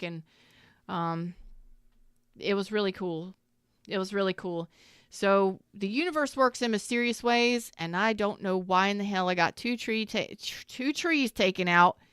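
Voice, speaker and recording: A woman's voice: mid-range voice, a bit bright, clean tone, no echo, clean studio sound. A middle-aged woman, a tarot reader, talking casually and candidly to her viewers, swearing freely and rambling through asides.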